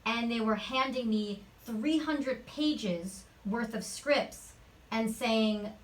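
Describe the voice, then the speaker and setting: Woman actress chatting away in a home studio interview, bit high voice, sounds slightly off mic. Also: slow pace, recorded from a distance, low-quality recording. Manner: lively, chatty anecdotal storytelling. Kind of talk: interview storytelling.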